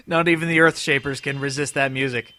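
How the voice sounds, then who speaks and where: A man casually commenting on a video game as he plays, animated and breaking into loud playful outbursts. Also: fairly high pitch, unhurried. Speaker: let's play host. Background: game music.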